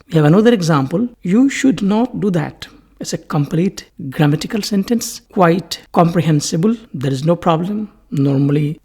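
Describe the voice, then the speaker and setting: A man giving a recorded linguistics lecture, explaining slowly and restating each point several ways. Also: on the high side, creaky, darkish tone, breathy edge.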